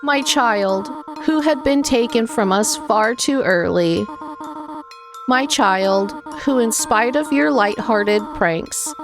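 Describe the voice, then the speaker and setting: A woman reading game dialogue aloud as a gentle, motherly female goat queen who speaks formally and slowly. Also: a little high. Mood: sorrowful. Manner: formal, slow and tender. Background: game music.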